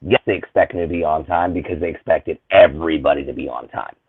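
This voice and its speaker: A man from the United States with a deep, husky voice talks in an impassioned, emphatic way, at times rising to loud indignation. His voice comes through a tinny, phone-like line with a dry, close sound. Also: quick pace, no room sound. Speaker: panel guest. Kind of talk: casual discussion.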